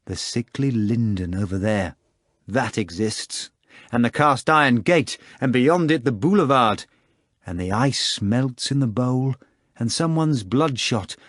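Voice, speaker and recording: A man narrating an audiobook in a dramatic, theatrical style that swings between hushed low passages and loud outbursts. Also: no echo, studio quality. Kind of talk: scripted narration.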